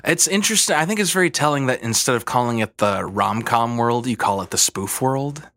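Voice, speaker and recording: Bright, teasing man on a podcast. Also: mid-range voice, expressive, brisk, dry recording. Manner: teasing, playful quips. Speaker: podcast co-host. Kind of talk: casual jokey chat.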